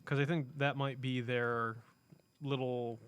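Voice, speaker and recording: A man's voice: mid-range voice, flat delivery, a little slow, clear, resonant tone. A man co-hosting a casual podcast in a comic shop, rambling and correcting himself as he talks about comics. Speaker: podcast co-host. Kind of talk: casual chat.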